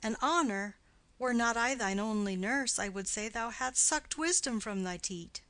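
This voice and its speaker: A woman reading the part of a garrulous, doting old nurse in an audiobook play, with her voice climbing high and loud as she rambles. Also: measured pace, dry recording, rough recording. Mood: rambling.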